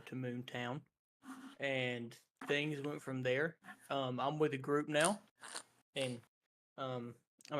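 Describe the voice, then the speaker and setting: A man's voice: a little high, a little hiss or hum. A man playing a paladin in a tabletop game, talking hesitantly with many fillers. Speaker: player. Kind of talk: tabletop role-play.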